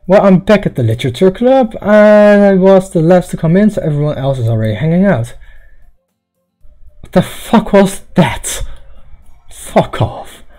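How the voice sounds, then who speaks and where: Young male streamer, rambling joking delivery, animated pitch, faint music underneath. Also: unhurried. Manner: rambling, joking, stammering, mock-Russian asides. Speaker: livestreamer playing a visual novel. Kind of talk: casual gameplay commentary, reading game text aloud.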